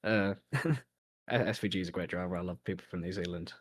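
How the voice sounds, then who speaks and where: A young man from central England with a Birmingham accent, giving a relaxed post-race interview and laughing often. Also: low voice, fairly quick, no echo, studio quality. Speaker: sim racing driver.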